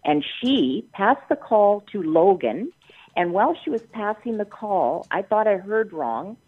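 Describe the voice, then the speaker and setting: A woman's voice: medium pitch, big pitch swings, measured pace, husky. An older woman from Canada, upset and near tears, complaining at length on the phone and circling back over her grievance. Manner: long-winded, indignant, circling back and repeating herself. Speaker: prank call target. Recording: tinny phone line.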